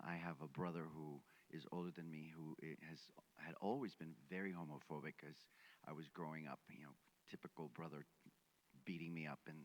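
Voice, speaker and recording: A man's voice: a bass voice, rough recording. A middle-aged man, speaking on a conference panel and telling a personal story in an earnest, heartfelt way. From Mexico. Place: conference venue.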